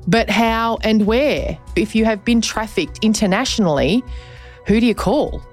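A woman's voice: fairly high pitch, measured pace, soft background music. A woman interviewer asking frank, conversational follow-up questions.

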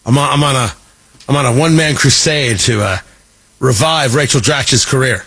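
A man's voice: mid-range voice, normal speed, fairly bright tone, slightly rough. A man hosting a political talk radio show, delivering a sarcastic, riffing monologue and slipping into mock voices. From Midwest.

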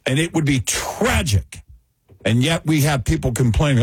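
A man hosting a political talk show, speaking in a frustrated, emphatic way with a husky voice. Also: medium pitch, big pitch swings, unhurried, no echo.

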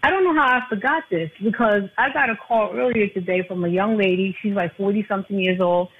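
A woman's voice: medium pitch, a little fast, slight background noise. A woman calling into a radio show as an insurance agent guest, talking earnestly and repeating her phone number. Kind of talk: casual radio talk. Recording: tinny phone line.

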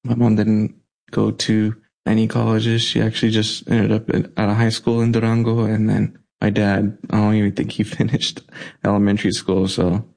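A young man in his twenties, a college student, speaking softly and hesitantly in an interview. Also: lowish voice, completely flat delivery, normal speed, vocal fry. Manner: soft-spoken, hesitant with fillers.

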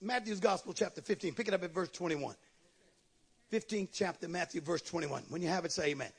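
Preacher, man, high husky voice, shouts then drops low. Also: a little fast. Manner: swings between shouted preaching and low asides. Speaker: pastor. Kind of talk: sermon.

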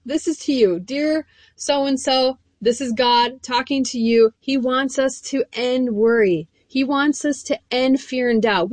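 A woman's voice: a little high, dry recording. Earnest woman preaching with a dry close sound. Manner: earnest, emphatic, addresses listeners directly. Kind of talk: sermon with scripture reading.

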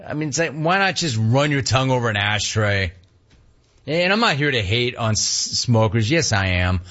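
A man in his fifties hosting a call-in talk radio show, ranting with animated energy and mocking voices. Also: normal speed, dull audio. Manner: animated ranting, mocks cheerful clerks in a high voice. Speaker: radio talk show host taking calls.

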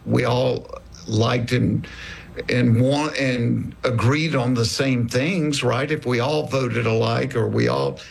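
A man's voice: mid-range voice, steady tone, takes it slowly, vocal fry, breathy edge. A man with a Southern US accent, a comedian guest telling folksy stories in casual conversation and acting out quoted remarks. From American South.

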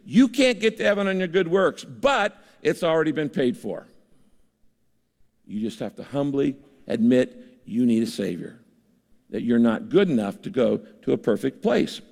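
A man's voice: medium pitch, big pitch swings, normal speed, vocal fry, a little mellow, big-room sound. An older man preaching a sermon in an earnest, conversational way, speaking to a large church auditorium. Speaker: pastor.

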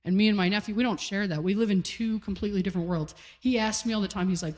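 A woman's voice: mid-range voice, fast, a little mellow. A woman in her forties from Calgary, doing a self-deprecating stand-up comedy set on stage. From Calgary, Canada. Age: 40s. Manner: punchy, self-deprecating storytelling. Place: comedy stage with live audience. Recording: live hall with long reverb.

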